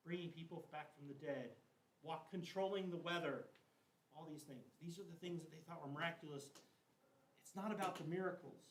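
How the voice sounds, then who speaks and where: A man's voice: on the high side, a little fast. Chatty man teaching in an echoey room. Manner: loose and chatty, heavy use of "like" and slang. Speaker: confirmation class teacher. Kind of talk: casual retelling of Bible stories to teens. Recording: echoey room, mic at a distance, faint hiss.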